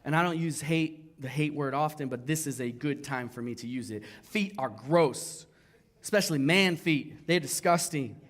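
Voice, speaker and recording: Animated man preaching with self-mocking humor. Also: fairly high pitch, normal speed. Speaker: pastor. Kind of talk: sermon. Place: church stage before a congregation.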